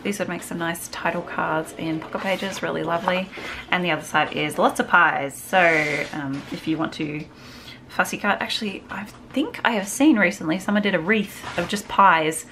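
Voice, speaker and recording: A craft vlogger with a low-pitched voice talks through her craft haul at normal speed in a relaxed, casual show-and-tell. Chatty and gushing, she greets each piece with frequent little exclamations of delight. A faint hiss sits quietly in the background.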